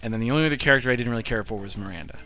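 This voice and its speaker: A man's voice: medium pitch, racing, bright, forceful tone, soft background music. A man casually chatting about a video game in a laid-back way, often trailing off.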